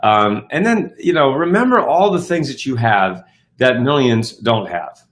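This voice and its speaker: A man's voice: medium pitch, sing-song, unhurried. A middle-aged man hosting a self-help live show, talking casually and upbeat with many fillers and restarts. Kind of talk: casual live-stream talk.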